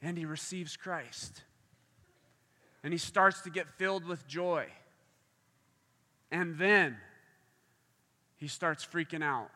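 A man's voice: a little high, slow pace, long pauses. A man preaching a sermon, telling a story and acting out the voices in it. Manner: animated, acts out voices in stories. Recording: long hall reverb.

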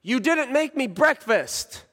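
A man's voice: very high voice, sing-song, takes it slowly, a bit bright, big-room sound, pitched above the performer's own voice, heavily acted. A man voicing his young son, a small boy who whines and insists about breakfast. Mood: whining. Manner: complaining, insistent. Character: whiny little boy wanting breakfast.

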